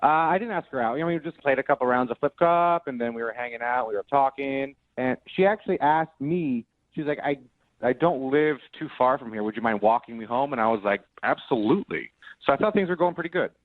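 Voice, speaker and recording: A man's voice: medium pitch, fast talker, no room sound. Casting note: man in his late 20s, radio caller, sheepish and rambling, tinny phone line. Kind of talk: phone call to a radio show.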